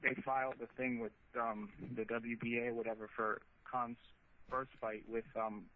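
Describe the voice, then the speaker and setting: A man calling in to a radio show, halting and filling gaps with ums. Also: medium pitch, flat delivery, a little hiss or hum. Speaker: caller. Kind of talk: phone-in call to radio. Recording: tinny phone line.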